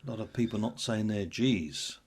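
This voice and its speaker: A man's voice: fairly low pitch, moderate pace, husky. A man co-hosting a casual chat, telling stories with hesitant restarts. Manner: anecdotal, hesitant storytelling. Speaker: podcast co-host.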